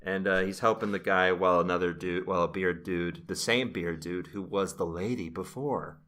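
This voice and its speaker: A man's voice: low-pitched, fairly even intonation, moderate pace, fairly bright tone. A man casually recapping a TV episode on a podcast, rambling with fillers. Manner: rambling, with frequent fillers and laughs. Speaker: podcast host.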